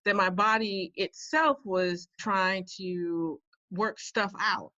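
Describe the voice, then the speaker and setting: A woman hosting a podcast interview, expressive and earnest, affirming her guest often. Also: medium pitch, takes it slowly. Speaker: podcast host. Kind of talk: casual interview chat. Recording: dry, slightly dull recording.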